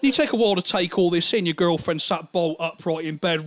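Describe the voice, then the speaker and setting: Male stand-up comic; sweary, rambling storyteller, slightly high voice. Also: quick pace, few pauses, a bit bright. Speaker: stand-up comedian.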